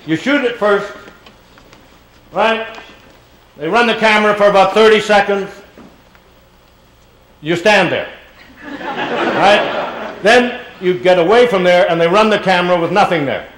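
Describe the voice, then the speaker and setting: A man's voice: high-pitched, expressive, a little slow, pauses often, a bit bright, a little hiss or hum, low-quality recording. A man giving a talk in a large auditorium and answering audience questions. He speaks in a chatty, rambling way and calls audience members "dear.". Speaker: guest speaker.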